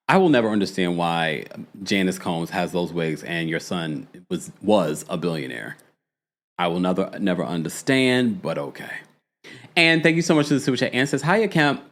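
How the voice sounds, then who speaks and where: A man hosting a casual commentary show, reading viewer messages aloud and reacting with laughs. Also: on the low side. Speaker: host.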